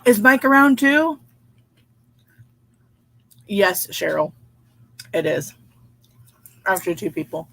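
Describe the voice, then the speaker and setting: A woman hosting a relaxed livestream, chatting with viewers, laughing often and reading their comments aloud. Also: mid-range voice, slow, gravelly, pauses often. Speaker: livestream host reading chat. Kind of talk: casual live chat.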